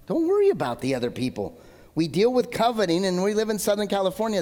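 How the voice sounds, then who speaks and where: A man preaching with a fairly high voice that rings through a big hall with a long echo. He keeps it loose and jokey, punching some lines loud and dropping others to quiet asides. It sounds like a casual pastor talking straight to his congregation. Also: very animated, fast talker. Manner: conversational, jokey, shifts between loud emphatic and low asides. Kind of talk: sermon.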